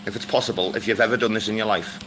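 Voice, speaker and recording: A man's voice: on the low side, steady tone, racing, fairly bright tone, slight background noise. A young man hosting a casual chat, rambling through stories and swearing freely. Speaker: host.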